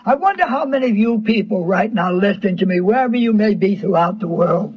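A middle-aged man preaching a sermon on the radio, earnest and halting, often repeating his words. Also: high voice, lively intonation. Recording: dull lo-fi radio broadcast recording.

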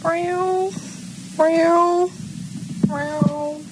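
A high meowing cat. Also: female voice, fairly even intonation, very slow, heavily acted. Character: woman turned into a meowing house cat. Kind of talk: amateur audio drama recording. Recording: noisy background.

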